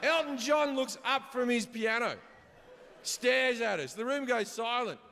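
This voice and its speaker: A man doing stand-up storytelling, swearing freely and shouting his punchlines, recorded live on a theater stage. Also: very high-pitched, a little slow, creaky, a crowd in the background, background noise. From Australia. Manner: profane, animated, shouts punchlines. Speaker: stand-up comedian. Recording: live hall reverb, audience ambience.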